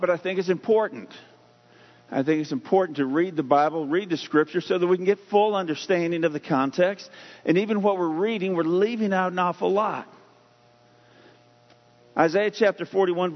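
A man preaching a sermon, telling folksy everyday stories and reading scripture slowly and deliberately. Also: sits high. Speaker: pastor. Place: church sanctuary. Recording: muffled sound in a long-reverb hall.

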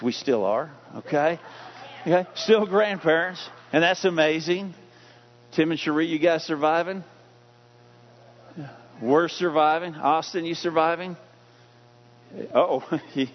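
A pastor in his forties, giving a conversational, animated sermon that keeps asking the congregation questions. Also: a little high. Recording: dull lo-fi recording.

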